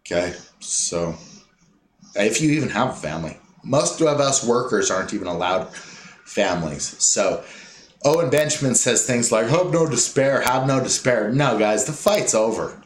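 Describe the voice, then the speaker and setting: A man delivering a rambling, scornful ranting monologue, mocking other people in quick put-on impressions. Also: fairly low pitch, very animated, a little hiss or hum. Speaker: commentator. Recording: echoey room with faint ambience.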